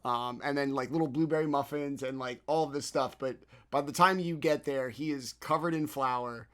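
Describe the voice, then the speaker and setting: A man's voice: mid-range voice, normal speed, fairly bright tone. A man running a tabletop game as game master. He narrates in a loose, rambling way with plenty of fillers and laughter between lines.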